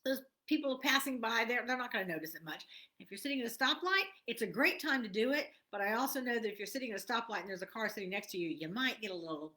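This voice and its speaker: Bright-voiced woman coaching tapping. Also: fairly high pitch, animated, fast. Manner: soft, repetitive affirmations, drops to a whisper at times. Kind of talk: guided tapping lesson.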